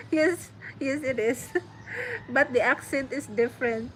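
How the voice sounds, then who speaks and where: A middle-aged woman with a Filipino accent chats casually with her viewers, laughing often and restarting her sentences. Her voice sits a little high and she talks slowly. A steady hiss of noise runs under the recording. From Philippines. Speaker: vlogger chatting with viewers. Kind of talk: casual chat. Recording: noisy home recording.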